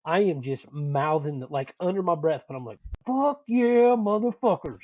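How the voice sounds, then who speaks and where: A man's voice: a little high, a little fast, dry recording. Profane, storytelling man, lo-fi sound. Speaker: podcast co-host; youth sports dad and coach. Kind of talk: casual sports banter.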